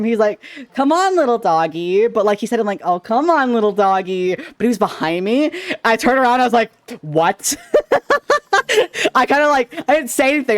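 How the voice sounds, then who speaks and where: A man's voice: sits high, no echo. Giggly young man chatting on stream. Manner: giggly, rambling, playful and self-teasing. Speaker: VTuber streamer. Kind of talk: casual livestream chat.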